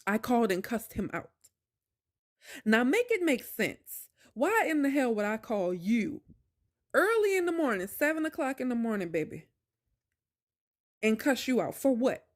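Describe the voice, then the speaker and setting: A woman's voice: on the high side, very animated, measured pace, long pauses. A young woman vlogger telling a personal story in a casual, emphatic, colloquial way, with exasperated asides.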